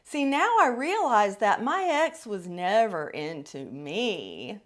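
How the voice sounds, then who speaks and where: A woman's voice: mid-range voice, big pitch swings, slow pace. A middle-aged woman hosting a podcast, telling a personal story in a candid, wry way. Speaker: podcast host.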